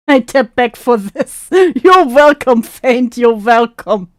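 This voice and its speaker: A woman's voice: fairly high pitch, no echo, studio quality. A woman streamer reacting to an old call clip, sarcastic and laughing, mockingly repeating what she hears. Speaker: commentary streamer.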